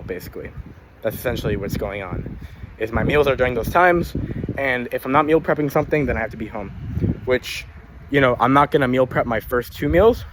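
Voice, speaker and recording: A man's voice: mid-range voice, noisy background. A young man vlogging casually about his day, rambling and swearing, tired and a little out of breath while walking. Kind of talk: casual daily vlog.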